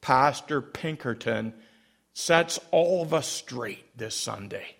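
A man's voice: mid-range voice, expressive, slow, vocal fry, fairly bright tone, exaggerated voice. A man voicing a prim older churchwoman who lectures insistently about obedience. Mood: lecturing. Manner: preachy, insistent.

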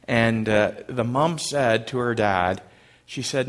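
A middle-aged man, a pastor, preaching a sermon and telling a story in a gentle, halting way. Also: mid-range voice.

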